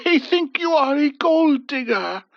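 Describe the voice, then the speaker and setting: A man voicing a gentle, doting old husband who is stubborn, with a soft cooing manner. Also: extremely high pitch, big pitch swings, slow, no room sound, pitched above the performer's own voice, full character voice. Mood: tender. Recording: dull dry lo-fi voice.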